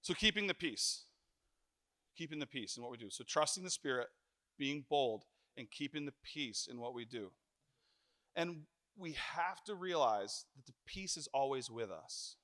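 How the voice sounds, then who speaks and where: A middle-aged man preaching a sermon in church, telling stories with jokes and lively animation. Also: mid-range voice, moderate pace. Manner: animated, joking storyteller.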